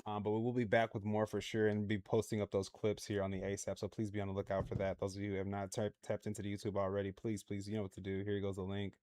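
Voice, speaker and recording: A man's voice: lowish voice, completely flat delivery, fast, few pauses, darkish tone, no room sound. A man hosting a react livestream in a laid-back, slangy way, laughing often as he chats with viewers. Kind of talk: casual livestream commentary.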